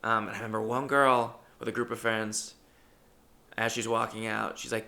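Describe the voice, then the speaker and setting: A stand-up comedian telling stories in a casual, rambling way and swearing freely. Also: male voice, on the low side, little pitch movement, normal speed, gravelly, sharp tone. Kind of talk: casual storytelling monologue.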